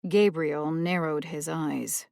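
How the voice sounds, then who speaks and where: A woman reading a mystery audiobook as narrator, in a slow, even manner. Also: deep voice, gravelly, no echo, studio quality. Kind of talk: scripted narration.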